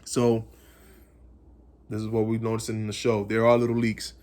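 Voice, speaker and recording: A man's voice: lowish voice, completely flat delivery, normal speed, a little mellow. Rambling man recapping a TV episode. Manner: rambling, speculative, repeats phrases. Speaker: comics channel host. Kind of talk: casual episode recap and theorizing.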